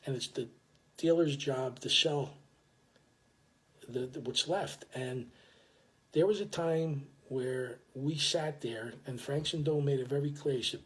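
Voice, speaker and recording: A man's voice: mid-range voice, measured pace. An older man telling a story in a casual, rambling way, full of restarts and blunt street talk. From South Philadelphia.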